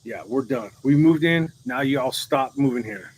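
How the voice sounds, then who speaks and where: A man's voice: mid-range voice, a little slow, a little hiss or hum, poor audio. A man from the American South with a mild Southern accent mixed with a surfer sound, co-hosting a casual live chat in a laid-back, joking way. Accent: mild Southern US mixed with Californian surfer. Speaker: co-host.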